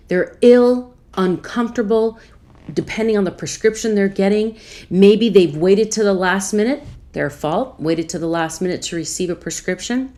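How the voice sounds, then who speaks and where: A woman podcast host earnestly retelling a personal story, acting out both sides of a conversation. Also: mid-range voice. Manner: earnest, calm, measured.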